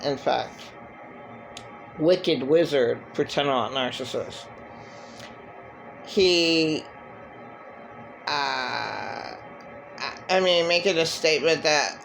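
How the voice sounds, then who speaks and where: A man giving a halting, rambling personal monologue with many fillers and restarts. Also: fairly high pitch, vocal fry, a bit bright, faint music behind, rough recording. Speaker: vlogger.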